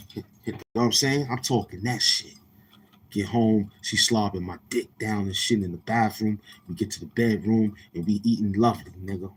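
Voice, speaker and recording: Brief: male livestream host, New York accent, lowish voice, blunt, profane, in-your-face. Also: brisk, breathy edge. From Queens, New York. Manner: brash, profane, confrontational. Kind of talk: casual livestream chat with viewers.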